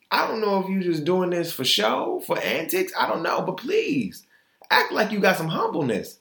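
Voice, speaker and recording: A man's voice: measured pace, creaky. A man hosting his own podcast, giving an opinionated, exasperated casual monologue. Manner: animated, exasperated, swings pitch up high in mock disbelief. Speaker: podcast host. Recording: echoey room.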